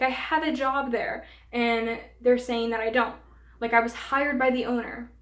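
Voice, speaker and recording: A young woman recounts a work story in an animated vlog style and peppers it with fillers. Her voice sits a touch high, and the room around her is echoey. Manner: animated, filler-heavy retelling. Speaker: vlogger. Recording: roomy room echo.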